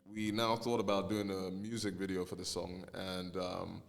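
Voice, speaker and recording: Man, very deep voice, gravelly, relaxed interview talk, musician guest. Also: moderate pace. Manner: relaxed, many fillers and "you know".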